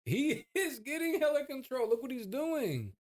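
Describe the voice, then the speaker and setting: High-voiced man in slangy podcast chat. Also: moderate pace. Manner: slangy, animated storytelling. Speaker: podcast co-host. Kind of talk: casual chat.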